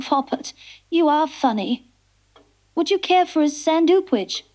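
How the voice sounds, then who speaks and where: A genteel, fussy hostess, played by a woman, speaking in a coy and prim way. Her voice sits high but sounds soft and dark. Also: lively intonation, slow pace.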